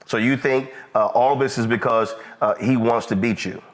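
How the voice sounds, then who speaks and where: Male interviewer; measured, probing questions, frequent fillers, mid pitch. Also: fairly even intonation, rough recording.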